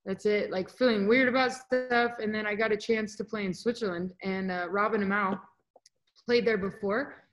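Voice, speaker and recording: A woman's voice: mid-range voice, normal speed, low-quality recording. Chatty young woman telling stories. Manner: animated, chatty, acts out quotes. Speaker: volleyball player guest. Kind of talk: casual interview storytelling.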